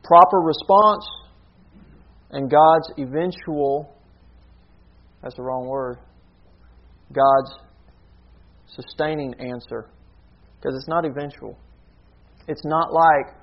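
A man's voice: a little high, measured pace, pauses often, lo-fi sound. A man preaching a sermon in an earnest teaching manner, often checking in with a rhetorical "okay?".

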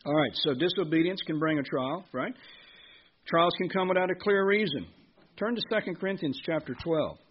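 A man's voice: fairly high pitch, moderate pace, lo-fi sound, a little hiss or hum. A man preaching a sermon in a conversational way, asking the congregation questions.

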